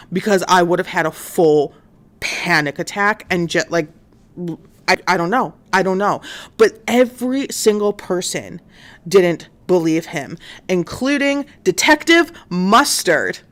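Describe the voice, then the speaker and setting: A woman's voice: lowish voice, lively intonation, unhurried. Chatty woman recapping a case. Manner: chatty, many fillers, acts out quotes. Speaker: stream host. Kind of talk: casual true-crime recap.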